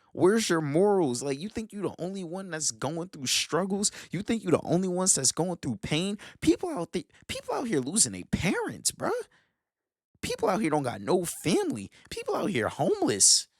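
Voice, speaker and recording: A man's voice: mid-range voice, no room sound, clean studio sound. A man giving a scolding motivational rant in slangy speech, repeating his lines for emphasis. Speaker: motivational vlogger.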